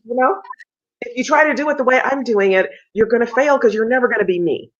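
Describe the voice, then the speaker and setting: Speaking on the high side at a quick pace, a soprano being interviewed over video call tells an animated story. She acts out the lines of the people in it in a raised voice, and the audio has a dull, lo-fi quality.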